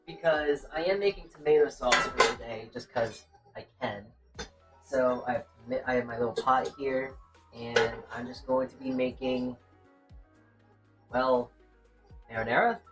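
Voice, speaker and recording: Chatting away while cooking at home, this streamer reads chat and talks both to viewers and to themself. Their medium-pitched voice is steady in tone and a little slow. Music plays in the background, and the mic sits at a distance.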